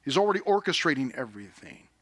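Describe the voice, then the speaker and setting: A man preaching a sermon in a conversational, energetic way, often dropping to a hushed tone for emphasis. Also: mid-range voice, fast, dry recording, clean studio sound. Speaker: pastor.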